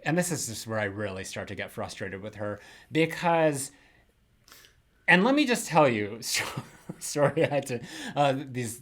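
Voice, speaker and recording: A young man co-hosting a casual film podcast, rambling and animated, mocking characters in quick put-on quotes. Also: a little high. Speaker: podcast co-host.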